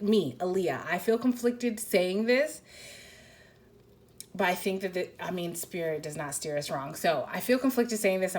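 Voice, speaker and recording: Woman, lowish voice, casual tarot reading, rambling, lots of filler words, unsure and searching. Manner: rambling, heavy use of "like", tentative. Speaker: tarot card reader. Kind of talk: casual intuitive card reading.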